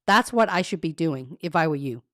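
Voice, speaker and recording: A woman's voice: deep voice, animated, fairly quick, fairly bright tone, dry recording, studio quality. A woman career coach hosting a casual live stream, chatting with viewers, reading their comments aloud and laughing at herself. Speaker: career coach and livestream host. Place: carpeted home room treated to cut echo.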